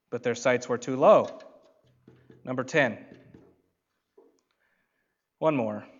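Pastor, male, mid-pitched, emphatic sermon delivery with slow pauses, slightly dull lo-fi sound. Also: fairly bright tone.

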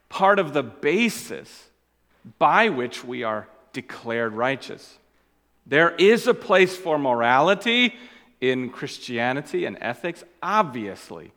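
A man preaching a sermon as pastor. He stresses and repeats key phrases, and his voice swings between loud and quiet. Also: mid-range voice, long reverb tail.

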